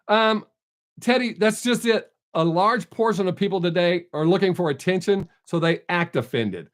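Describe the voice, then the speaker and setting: Male streamer, high voice, blunt and unfiltered, casual chat with viewers. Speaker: live streamer.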